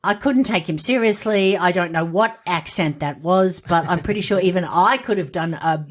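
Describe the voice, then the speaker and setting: A woman co-hosting a casual podcast, blunt and joking as she mocks the acting. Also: lowish voice. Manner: blunt, joking, quick to mock. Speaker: podcast co-host. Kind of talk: casual chat.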